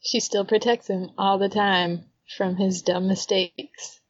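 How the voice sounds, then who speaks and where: A woman's voice: medium pitch, fairly even intonation, slow, slightly rough, no room sound, dull audio. A woman co-hosting a podcast, chatting casually and recapping a story at length, laughing often. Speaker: podcast co-host. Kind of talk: casual chat.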